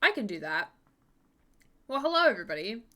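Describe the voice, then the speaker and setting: A woman's voice: mid-range voice, very animated, a little fast, bright, forceful tone. A young woman streaming live, chatting with viewers in a bubbly, giggly way at a desk microphone. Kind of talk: casual live-stream chat.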